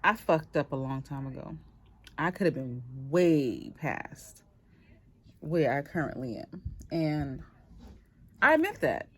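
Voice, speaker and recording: Her voice is low and husky, and she takes her time with long pauses. A woman in her forties with a Boston accent, she vlogs casually to camera, speaking openly, bluntly and with lively, free swearing.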